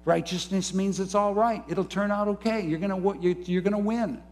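A man preaching a sermon, moving between soft, low musing and rising, fervent emphasis. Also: steady tone, fairly quick. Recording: faint music behind.

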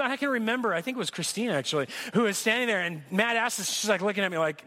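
A man preaching a sermon in church, telling jokey stories in an animated way, with asides to the congregation. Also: high voice, quick pace, hardly any pauses. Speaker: pastor. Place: church sanctuary.

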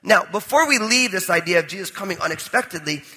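A high, bright male pastor from New with a husky edge, preaching in a conversational, joking storyteller's manner. His voice rings out with a long reverb in a large church hall. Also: expressive, quick pace. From New Jersey. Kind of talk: sermon with personal storytelling.

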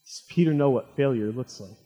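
A man preaching a sermon, retelling a story dramatically and swinging from loud, fervent lines to hushed ones. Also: mid-range voice, fairly quick, husky, soft background music. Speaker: pastor. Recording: long hall reverb.

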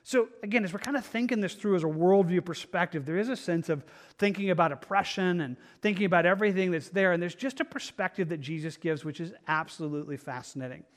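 A man with a slightly high voice teaches a Bible study in a relaxed, conversational way. He is earnest and works through his ideas out loud, often stopping and restarting his sentences. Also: fast, hardly any pauses. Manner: earnest, thinking aloud with frequent restarts.

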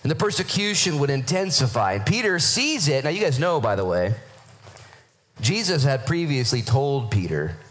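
A man's voice: medium pitch, normal speed. A male pastor preaching a sermon and telling stories with acted-out quotes. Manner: animated storytelling with acted-out quotes.

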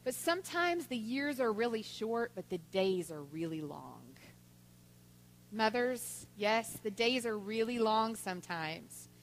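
A woman giving a Mother's Day talk in church, telling stories with lively voiced quotes. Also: a little high, unhurried, slight background noise. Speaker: church speaker. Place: church sanctuary. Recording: long church hall reverb.

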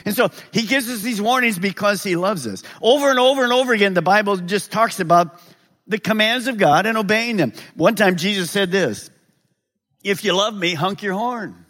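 High-voiced joking pastor in a reverberant hall. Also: male voice, fairly quick. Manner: animated, joking preacher with rhetorical questions. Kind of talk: sermon.

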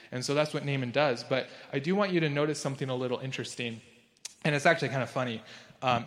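A man preaching a casual, conversational sermon as a pastor. He uses lots of fillers and jumps up in pitch for emphasis. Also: a bit bright, in a large hall. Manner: casual and chatty, with many fillers like "like".

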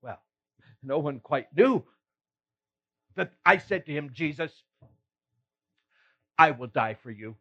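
Voicing a remorseful apostle Peter, a man delivers an emotional first-person retelling of his failings, earnest and self-reproaching, with sighs and rueful laughs. His exaggerated voice is fairly high, bright, and forceful, with lively intonation, a slow pace, and long pauses. The sound is slightly muffled.

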